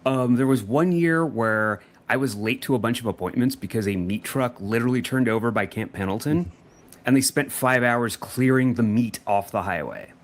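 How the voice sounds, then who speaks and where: A man's voice: mid-range voice, normal speed. A man co-hosting a casual panel chat about conventions, rambling with many restarts and repeated words. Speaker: podcast co-host, editor.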